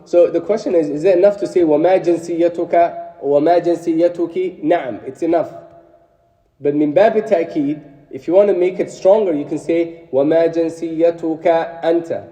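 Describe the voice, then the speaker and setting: Man, Arabic teacher, reads lines then translates, dark mellow tone, long reverb. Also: fairly high pitch. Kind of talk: explaining a textbook lesson.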